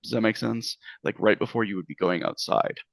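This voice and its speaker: A man's voice: on the low side, brisk, vocal fry, fairly bright tone, no room sound. A man narrating a tabletop game as game master, rambling with many fillers.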